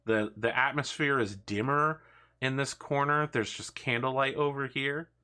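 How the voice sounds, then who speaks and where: A man's voice: medium pitch, steady tone, normal speed, bright, forceful tone, smooth. A man narrating as game master of an online tabletop game, describing scenes and laughing often. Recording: online voice chat.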